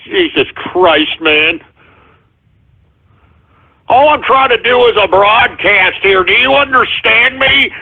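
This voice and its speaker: A man hosting a radio show, ranting and yelling insults at callers. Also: high voice, animated, slow pace, pauses often, slightly rough. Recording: tinny phone-quality line.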